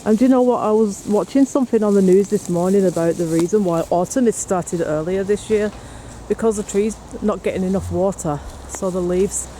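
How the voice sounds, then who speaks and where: A man with a high, dark-toned voice chats and teases to camera during a casual paranormal investigation vlog. He's out on a windy hill and in the woods, and faint wind and outdoor noise are picked up.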